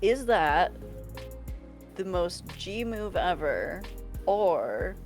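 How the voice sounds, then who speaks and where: Female comedy podcast co-host, low voice with lively pitch, playful chatty storytelling, faint music. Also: drawn-out words. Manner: playful storyteller, frequent "like" fillers. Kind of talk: casual comedic chat.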